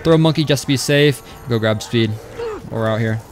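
At a normal speed and medium pitch, a young man live-streams a game with soft music behind him. He keeps the talk casual and rambling, reading out viewer messages while playing.

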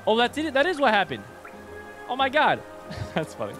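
A man hosting a gaming channel, giving excitable, swearing commentary as he plays. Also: extremely high pitch, moderate pace. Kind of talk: live gameplay commentary. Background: game music.

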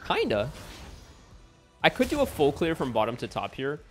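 A man giving live gameplay commentary as a streamer at home, excitable and bursting into yells and laughs. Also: fairly high pitch, normal speed, soft background music. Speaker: gaming streamer. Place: home room with window open.

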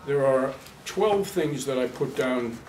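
Animated man teaching an acting workshop. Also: mid-range voice, takes it slowly, slight background noise. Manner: blunt, animated, demonstrative, laughing often. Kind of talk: workshop lecture to a class. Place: workshop room with a live class. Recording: echoey room, mic far off.

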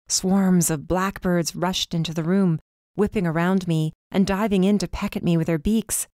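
A woman reading a first-person dark fantasy story as audiobook narrator, with tense, urgent delivery. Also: lowish voice, no echo, clean studio sound.

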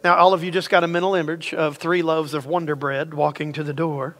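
A man preaching a sermon to a congregation, animated and talking straight to the room, acting out the voices in the story. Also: on the high side, brisk, hardly any pauses. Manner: animated, acts out quoted voices, addresses the congregation directly. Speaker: pastor. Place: church sanctuary. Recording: long hall reverb.

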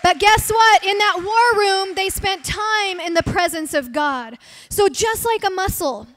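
Woman pastor preaching at church, very high voice, earnest, acts out prayers. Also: fairly bright tone. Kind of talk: sermon. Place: church service.

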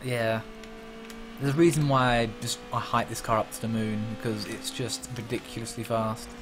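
Over background music, this let's play commentary comes from a gaming channel host who jokes and curses while playing a racing game. He speaks with a medium pitch at a moderate pace, his delivery flat.

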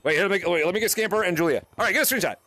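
A man hosting a fan meetup in a VR game, shouting and laughing as he greets many kids at once through his headset. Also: sits high, rapid-fire. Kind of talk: excited livestream chat with fans in VR. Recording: noisy crowded game lobby. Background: crowd of players chattering.

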